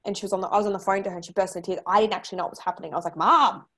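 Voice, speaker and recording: A woman's voice: mid-range voice, level tone, racing. A woman hosting a podcast, talking earnestly and emphatically, repeating points for stress. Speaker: podcast host. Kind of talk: casual chat.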